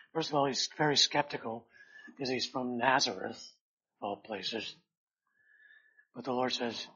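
Guy preaching a sermon real slow, bright edgy voice kinda husky, dull lo-fi sound. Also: mid-range voice. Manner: slow, earnest, swells loud then drops to quiet.

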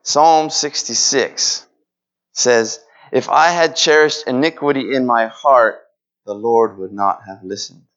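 A man's voice: medium pitch, slow, a bit bright. Earnest male preacher, muffled recording. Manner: earnest, voices pleading prayers to God, repeats phrases. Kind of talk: sermon.

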